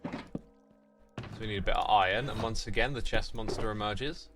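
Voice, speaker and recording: A man's voice: on the low side, steady tone, a little fast, music in the background. A British man streaming a game, thinking aloud and chatting with his viewers in a casual way. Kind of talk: casual livestream commentary.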